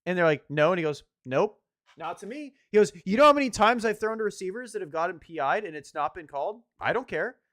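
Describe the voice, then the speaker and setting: A young man in casual sports chat, animated and swearing as he rants about football. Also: high voice, quick pace, dry recording, clean studio sound. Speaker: podcast co-host.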